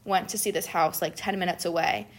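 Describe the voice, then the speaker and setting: A young woman in casual conversation, telling a story in an animated way and acting out what people said, with many "like"s. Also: fairly low pitch, a little fast. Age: young adult. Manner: animated, acts out quoted people, says "like" often. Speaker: guest telling a study-abroad story.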